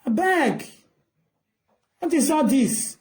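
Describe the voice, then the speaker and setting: A woman's voice: high voice, very animated, takes it slowly, a little mellow. A Nigerian woman giving ranting commentary, scolding and asking rhetorical questions in a mix of English and Pidgin.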